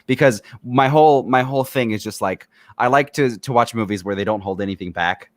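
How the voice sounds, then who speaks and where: A man's voice: mid-range voice, fairly quick, no echo, studio quality. A man co-hosting a film podcast, talking casually and enthusiastically about his favorite films, agreeing often. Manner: enthusiastic, agreeable, lots of yeah. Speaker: podcast co-host.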